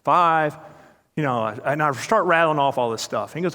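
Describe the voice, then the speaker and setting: A man's voice: a little high, normal speed, sharp tone. A man giving a motivational talk to a live audience, telling stories, acting out quoted dialogue and questioning the crowd. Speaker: speaker. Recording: long reverb of a large hall.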